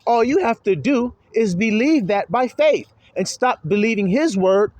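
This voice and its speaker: A man's voice: high voice, expressive, a little slow, darkish tone, no room sound, rough recording. A man preaching a sermon, pressing his listeners with rhetorical questions and calling them his little flock.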